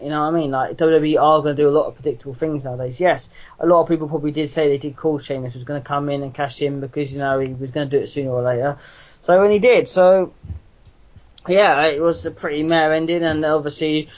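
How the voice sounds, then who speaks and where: A man's voice: a little high, steady tone, fast talker, low-quality recording. A young man co-hosting a casual wrestling podcast, rambling, swearing freely and restarting his sentences. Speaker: podcast co-host.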